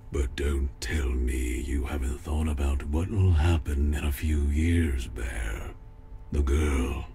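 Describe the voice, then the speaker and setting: Brief: shark casino boss in a game; very deep bass, low menacing murmur, soft music behind. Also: male voice, heavily acted. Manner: menacing, hushed and slow. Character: smooth-talking male shark casino boss, scheming.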